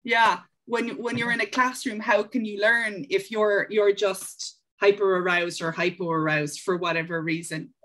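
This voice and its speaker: A woman hosts an interview, speaking in a measured, affirming way as she asks her questions. Her voice sits at an ordinary mid pitch for a woman. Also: steady tone, a bit bright, poor audio. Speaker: interview host.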